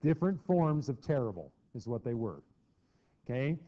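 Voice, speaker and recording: In a dull, lo-fi classroom recording, a middle-aged man teaches history in a chatty style, acting out quotes in mock voices. His voice is medium-pitched and darkly toned, moving at normal speed with big swings in pitch.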